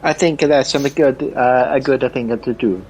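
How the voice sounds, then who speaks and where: Man player, mid-pitched, hesitant and polite with fillers. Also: a little slow, a little mellow, a little hiss or hum, rough recording. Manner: hesitant, lots of "uh". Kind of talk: casual tabletop play.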